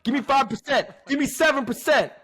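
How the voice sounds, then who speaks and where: A man's voice: extremely high pitch, brisk, voice pushed up. A man doing a brash New York hustler realtor. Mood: brash hustling. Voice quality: loud, street slang.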